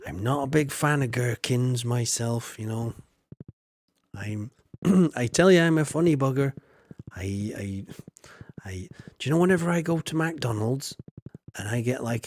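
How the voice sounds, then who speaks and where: A man's voice: mid-range voice, a little mellow, no echo. Man, game streamer, rambling chat, self-mocking, dry close sound. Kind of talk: casual gameplay chat.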